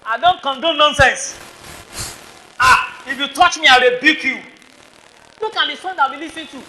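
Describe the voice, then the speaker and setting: A man's voice: extremely high pitch, moderate pace, long pauses, bright, forceful tone, slight background noise. A man with a Nigerian accent preaching a sermon to students. He scolds them with rhetorical questions and calls on listeners by name. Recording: echoey hall.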